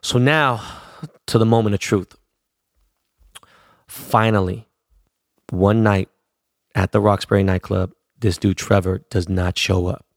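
A man's voice: on the low side, steady tone, measured pace, vocal fry, long pauses, dry recording, clean studio sound. A middle-aged man from Los Angeles telling a rambling story in casual, slangy talk, swearing constantly.

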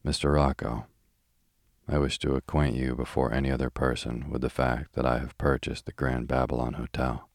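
Brief: a man reads a matter-of-fact tycoon, very low and steady, dry studio sound. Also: normal speed, dry recording. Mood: brisk. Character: brisk decisive American male millionaire. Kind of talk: calm audiobook reading.

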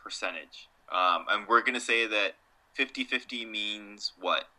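A man's voice: fairly low pitch, bright, forceful tone. A young man co-hosting a casual sports chat, dry and wry, playing dumb for laughs. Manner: dry, wry, deliberately obtuse. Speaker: podcast co-host.

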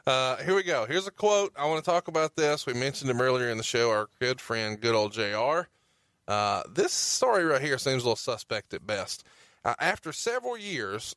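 A man's voice: mid-range voice, expressive, moderate pace, fairly bright tone, no room sound. A man co-hosting a podcast, reading quotes and prompting his partner with questions in a casual chat. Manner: prompting, reads quotes, plugs. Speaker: podcast co-host.

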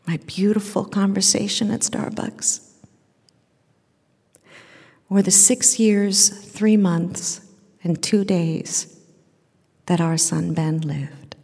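A middle-aged woman shares a personal story with a live audience. She speaks earnestly and with deep feeling, her voice sometimes sinking to a near whisper. Her words ring out with the long reverb of a large hall. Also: takes it slowly, gravelly, long pauses, slightly rough. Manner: earnest, emotional, drops to a hush at the end.

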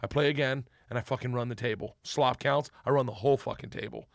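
A man telling a long story in casual chat, animated and profane, acting out the other people's lines. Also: medium pitch, fast, vocal fry, no echo, clean studio sound. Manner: animated, profane, acts out quotes. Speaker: guest storyteller.

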